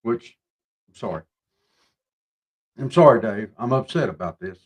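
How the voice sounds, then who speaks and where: Male co-host, animated ranter with a bouncy, lively voice, mocking tone. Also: measured pace, slightly rough. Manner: ranting, mocking, swings between loud outbursts and low mutters. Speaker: show co-host. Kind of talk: casual political chat.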